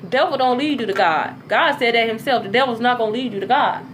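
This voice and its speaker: This woman, a spiritual content creator, talks quickly in an animated, casual monologue full of cursing, her voice swinging from low to high tones. A little hiss or hum runs through the audio.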